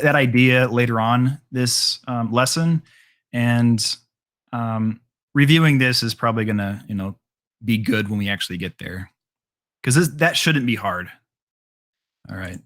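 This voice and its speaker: A man's voice: mid-range voice, expressive, moderate pace, long pauses, a bit bright. Casual male math teacher lecturing class. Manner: casual, filler-heavy explaining with frequent ums and all rights.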